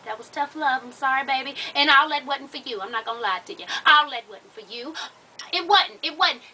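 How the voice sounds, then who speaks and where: A woman hosts an advice vlog in a high, bright voice, delivering blunt, profane tough love straight to the viewer. She sounds a little distant from the microphone. There is a faint hiss of room noise underneath. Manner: addresses viewers as "baby" and "y'all". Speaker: advice show host.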